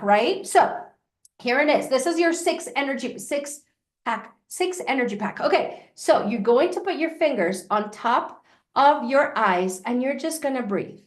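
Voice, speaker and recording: A woman guest teaching an energy technique, talking listeners through it step by step in a calm, reassuring way, often dropping to a soft murmur. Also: a little high. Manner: soothing, reassuring, slows to a soft murmur when guiding. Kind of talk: instructional demonstration. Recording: echoey room.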